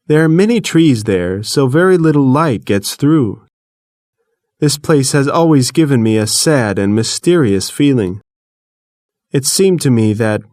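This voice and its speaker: A man reading an audiobook in the first person, measured and earnest, recorded close to the mic. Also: medium pitch, darkish tone, no room sound. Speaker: audiobook narrator. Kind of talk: first-person scripted narration.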